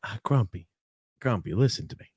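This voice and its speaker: A man's voice: fairly low pitch, expressive, darkish tone, slightly rough, dry recording, clean studio sound. A man co-hosting a casual sports watch-along podcast, chatty and teasing. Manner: teasing, chatty, talks fast at times. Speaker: podcast co-host.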